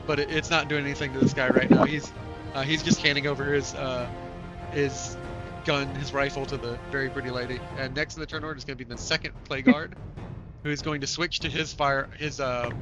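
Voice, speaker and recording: A man narrating a tabletop game as game master, with a halting delivery full of filler sounds. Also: medium pitch. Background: music.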